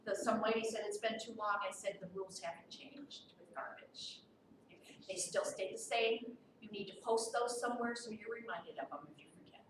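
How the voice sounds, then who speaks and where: A woman board member giving a firm, businesslike report at a meeting, pausing often on ums. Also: medium pitch. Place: meeting room. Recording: echoey room from far off, with noise.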